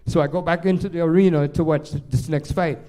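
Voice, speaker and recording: A man's voice: a little high, fast talker. An older man with a Jamaican accent, a jazz pianist telling rambling stories to a live audience, full of restarts. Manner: rambling, animated anecdotes with many restarts. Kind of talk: stage storytelling to a live audience.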